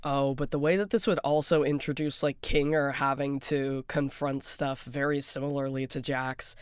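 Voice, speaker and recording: A fan rambling casually about a cartoon, excitable and giggly, often breaking into laughter. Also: mid-range voice, moderate pace, clear, resonant tone, no room sound, clean studio sound. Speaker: fan commentator.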